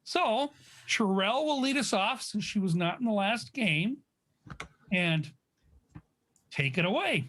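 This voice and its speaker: A casual host voice at middle pitch, explaining each new twist to the improvisers. The delivery is relaxed and direct, like someone running the game. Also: takes it slowly, pauses often. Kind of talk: announcing improv games.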